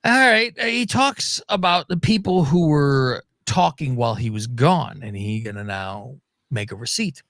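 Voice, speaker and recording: Animated, swearing man recapping wrestling. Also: medium pitch, measured pace, dry recording, clean studio sound. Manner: profane, animated recapping with quoted voices. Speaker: podcast co-host. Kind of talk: casual wrestling talk.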